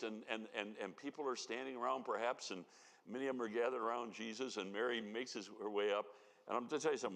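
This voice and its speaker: In a church sanctuary with a reverberant hall sound, a man with a medium-pitched, slightly bright voice delivers sermon-style Bible teaching at a conference. He narrates with animation, acting out the quoted lines.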